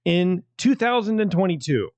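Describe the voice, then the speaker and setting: A man's voice: high-pitched, very animated, moderate pace, darkish tone, no echo, highs cut off. A man hosting a casual podcast, joking as he reads out news. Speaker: podcast host.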